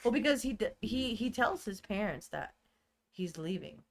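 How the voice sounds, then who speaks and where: A woman's voice: mid-range voice, animated, moderate pace. Emphatic woman in casual chat. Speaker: podcast co-host.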